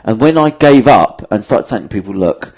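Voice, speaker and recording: A man's voice: fairly low pitch, lively intonation, moderate pace, darkish tone. A man, a podcast host in casual chat, giving emphatic, sweary advice and acting out bits of dialogue.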